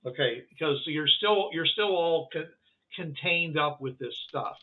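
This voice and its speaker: A man narrating a tabletop game as game master, halting and full of restarts. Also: fairly high pitch. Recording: tinny phone-like line.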